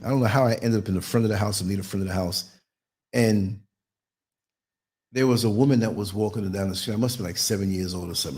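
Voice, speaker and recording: A man's voice: fairly low pitch, darkish tone, slightly rough. A man hosting a solo podcast, talking bluntly and preachily and acting out the voices of the people he quotes. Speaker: podcast host.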